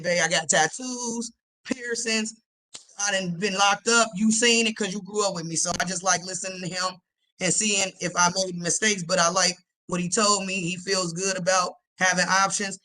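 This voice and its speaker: A middle-aged woman tells her own story to a listening group in a direct, plain-spoken way. Her voice is bright and clear-edged. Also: lowish voice, low-quality recording. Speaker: open mic participant. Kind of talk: personal testimony in a group discussion.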